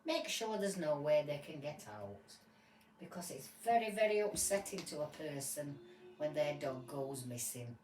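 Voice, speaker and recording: A woman voicing a stern but kindly male tiger toy judge in a living-room toy game, speaking in a measured, lecturing way. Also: sits low, a little mellow, recorded from a distance, a little hiss or hum, voice pushed down, natural voice. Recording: roomy and from off the mic, faint ambience.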